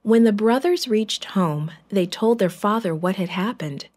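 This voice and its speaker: A woman narrating a children's Bible story in a gentle, clear, deliberate way. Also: medium pitch, expressive.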